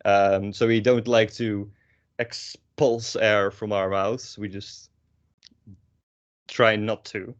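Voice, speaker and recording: Dutch-accented man, teacher, low voice, lots of fillers, dull dry mic sound. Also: level tone, takes it slowly, long pauses, dry recording. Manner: rambling, with many fillers and self-corrections. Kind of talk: online lesson. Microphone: own microphone with a pop filter.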